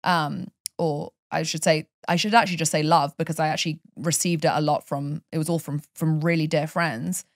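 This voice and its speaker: A woman's voice: low-pitched, fairly quick, few pauses, dry recording, clean studio sound. A woman from Europe, a life coach chatting on a podcast and telling stories with passion. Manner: passionate, animated storytelling. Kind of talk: casual podcast chat.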